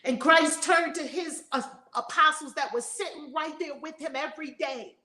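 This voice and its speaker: A woman with a high voice preaches a spiritual lesson, blunt and emphatic, hammering her points home by repeating them. She swears freely and drives each line hard. The room around her rings with a roomy echo. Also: normal speed, bright, forceful tone. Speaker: spiritual teacher and reverend. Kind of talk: fiery preaching-style teaching.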